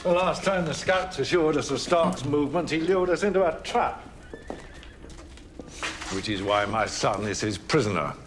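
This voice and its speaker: An actor playing an older lord and commander who speaks coldly and with authority. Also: male voice, a little high, expressive, moderate pace, noisy background, close to an everyday voice. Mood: stern. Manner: cold, authoritative.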